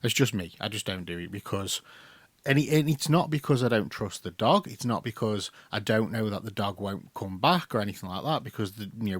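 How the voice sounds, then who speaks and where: A man's voice: on the low side, no room sound. Agreeable man, dry close mic. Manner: agreeable, steady, quick to say yeah. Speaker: podcast co-host. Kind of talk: casual chat.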